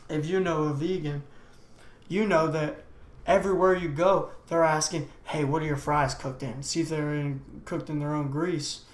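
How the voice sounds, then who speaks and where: A man's voice: fairly high pitch, fairly even intonation, normal speed. Rambling, slangy young podcast guy. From United States. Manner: rambling and slangy, peppered with "man" and "dude". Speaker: podcast host. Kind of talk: casual solo podcast monologue. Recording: echoey room.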